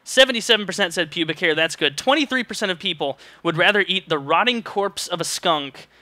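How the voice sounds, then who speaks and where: Casting: young male vlogger, sarcastic ranting, slightly high and bright, dry close mic. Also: expressive, brisk, no room sound. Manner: sarcastic, exaggerated rants. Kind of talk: comedic ranting commentary.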